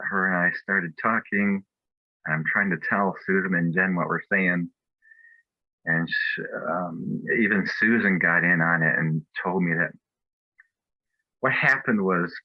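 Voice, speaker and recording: A man's voice: deep voice, dry recording, narrow, tinny audio. A man giving a personal testimony at a spiritual fellowship, telling his story in an earnest, reflective way.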